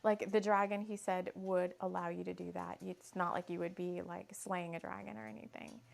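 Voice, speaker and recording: A woman's voice: lowish voice, little pitch movement, moderate pace, gravelly. A woman hosting a casual spiritual craft session, chatty and giggling often as she repeats her ingredient list aloud. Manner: giggly, laughs often mid-sentence. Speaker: host.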